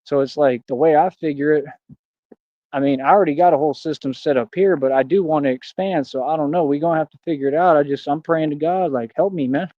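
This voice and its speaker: A man's voice: fairly high pitch, fast talker, dry recording, highs cut off. A man ranting casually on a livestream, rambling and aggrieved, slipping into preachy declarations. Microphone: streaming mic.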